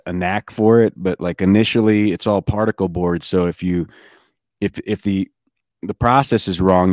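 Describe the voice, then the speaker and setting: A man's voice: low voice, no room sound. A man on a podcast panel chatting casually in a dry, matter-of-fact way. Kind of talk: casual chat.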